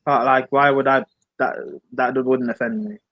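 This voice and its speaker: Measured young man from Ireland. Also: medium pitch, little pitch movement, dry recording, lo-fi sound. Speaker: podcast panelist. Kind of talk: casual chat.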